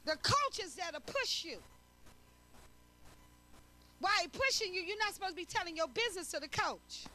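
A middle-aged woman preaching a sermon in a lively, conversational way, using everyday speech and acting out little dialogues. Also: very high voice, moderate pace, pauses often. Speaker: prophetess preaching.

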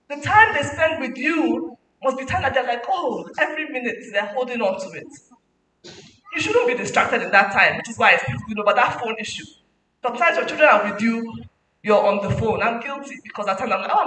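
A woman delivers a lively motivational talk, her bright, forceful voice carrying through an echoing hall. She sounds set back from the mic, with a faint hum of noise behind her. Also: a little high, recorded from a distance. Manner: animated, preachy, mixing in laughs. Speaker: guest speaker at a parenting summit.

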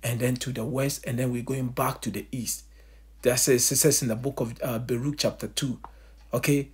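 A man's voice: mid-range voice, little pitch movement, moderate pace, breathy edge. A man preaching a sermon, calling his listeners family and answering his own rhetorical questions.

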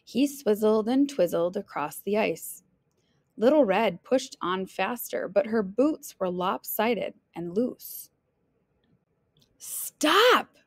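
A woman teacher reading a children's picture book aloud in an expressive, playful storytelling manner. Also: mid-range voice, takes it slowly, no room sound, studio quality.

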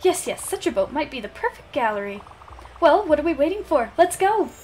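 A woman's voice: sits high, big pitch swings, fairly quick, a little mellow, faint music behind, voice pushed up. A woman voicing a pompous, rude male walrus art collector while reading game dialogue aloud, with haughty, theatrical flourishes. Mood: grandly pleased.

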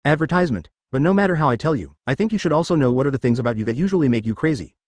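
A man reading a calm young adventurer. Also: mid-range voice, racing, no echo, studio quality, close to an everyday voice. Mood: plain. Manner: plain read voice, no change for the role. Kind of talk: machine-read fan fiction.

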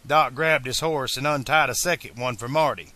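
A man's voice: mid-range voice, normal speed, pushed and bright, dry recording. A man narrating a fan-made audiobook who stops now and then for casual, chatty asides. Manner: casual, chatty asides between read passages. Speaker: amateur audiobook reader.

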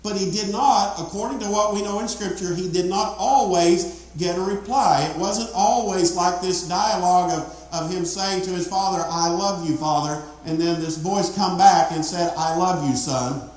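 A man's voice: high voice, steady tone, normal speed, few pauses, darkish tone. A man preaching a sermon as pastor, emphatic and repetitive, calling out to the congregation. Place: church sanctuary. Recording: very echoey church hall.

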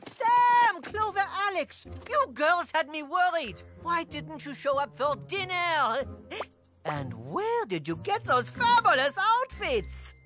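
A woman's voice: very high voice, very animated, takes it slowly, heavily acted. A woman voicing a prim, polite teacher who frets over her students. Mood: fussing. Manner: polite, fussy, fretting. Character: prim, fussy woman teacher on a school trip. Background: cartoon music score.

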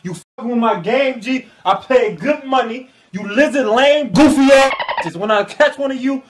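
A man's voice: very high-pitched, normal speed, noisy background. A man playing a furious young man who threatens game staff in a profane slang rant.

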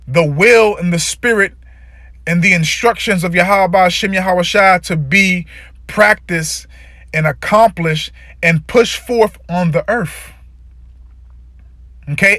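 A man's voice: high voice, pushed and bright, no echo, studio quality. A man giving a fervent, profane sermon, reading scripture aloud and stumbling over many filler sounds. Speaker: preacher.

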